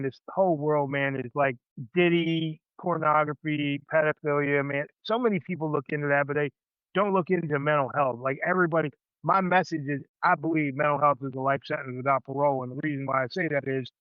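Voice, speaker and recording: A man's voice: on the high side, clear, resonant tone, no echo, phone-quality sound. A man in his fifties, a veteran guest on a podcast, talking in a rambling, emphatic way and saying "man" constantly. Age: 50s. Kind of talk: casual podcast conversation.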